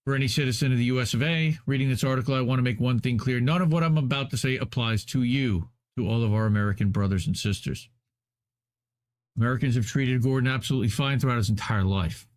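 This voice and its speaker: A man's voice: mid-range voice, fast. A man hosting a live stream, reading an article aloud with emphatic delivery and sardonic asides.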